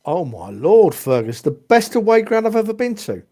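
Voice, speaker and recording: A man telling football stories in a casual podcast chat, animated and full of asides, often calling his friends mate. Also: high-pitched, moderate pace. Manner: animated storyteller, says "mate" and "right?" a lot. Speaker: podcast regular.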